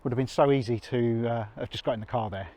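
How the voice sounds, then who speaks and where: A vlogger on a country walk talks to a handheld camera in a chatty, self-mocking way. His voice is medium-pitched and mellow, he speaks fast, and the recording is rough.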